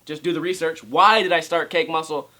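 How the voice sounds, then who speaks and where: A young man vlogs casually at home about skateboarding, ranting with sarcasm and swearing while frequently mocking other people's voices. He speaks briskly in a fairly high, fairly even voice that comes across pushed and bright.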